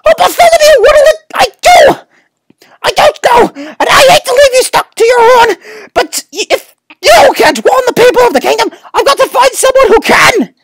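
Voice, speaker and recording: Brief: woman voicing a loud wailing trumpeter, gravelly, dry close mic. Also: very high voice, lively intonation, moderate pace, no echo, poor audio. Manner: yelling, wailing. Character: boastful sleepy male royal trumpeter.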